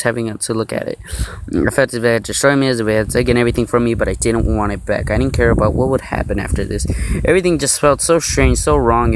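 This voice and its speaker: A man's voice: medium pitch, a little hiss or hum, rough recording. A man reading a horror story aloud in a mock-serious way, breaking off with joking asides. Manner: joking asides and laughs between narration. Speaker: story reader.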